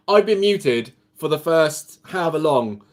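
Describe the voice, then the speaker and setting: A British man on a home live stream who talks in a loose, rambling and self-mocking way. His pitch sits a little high and jumps around a lot as he chats. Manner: chatty, rambling, self-deprecating. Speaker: livestream host. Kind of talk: casual live-stream chat. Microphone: computer mic.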